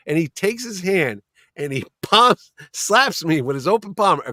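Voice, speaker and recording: Brief: lively storyteller, man, fairly high voice, swears, dry close sound. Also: measured pace, no room sound. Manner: animated storyteller, swears freely, acts out quotes. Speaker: convention owner and guest. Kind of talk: casual storytelling chat. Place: basement room.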